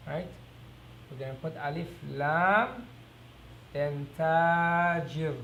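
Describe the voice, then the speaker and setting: A man teaching an Arabic lesson, repeating each word slowly and asking quick rhetorical questions as he writes on a board. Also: high voice, a little hiss or hum. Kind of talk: recorded classroom lesson.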